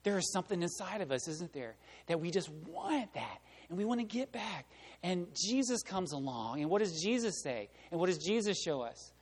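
A male pastor preaching a conversational sermon, dropping to soft asides and rising to loud, emphatic peaks. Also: sits high, big pitch swings, moderate pace, husky. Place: church sanctuary. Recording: long church reverb.

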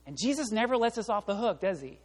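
A man with a high voice preaches to his congregation. He is animated and talks to the room directly, acting out the people he quotes. His voice carries a long reverb, as in a large church sanctuary. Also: fast talker. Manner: animated, acts out voices and quotes, laughs along. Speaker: pastor. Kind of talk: sermon.

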